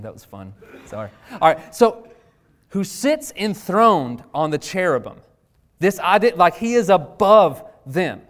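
A young man preaching a casual sermon, talking conversationally, joking and asking his listeners questions. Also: fairly high pitch. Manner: conversational, asks the audience questions, jokes.

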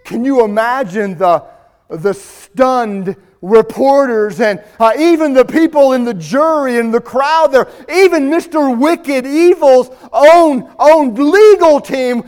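High-pitched guy preaching, real slow, big pauses then shouting. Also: animated, clean tone. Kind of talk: sermon.

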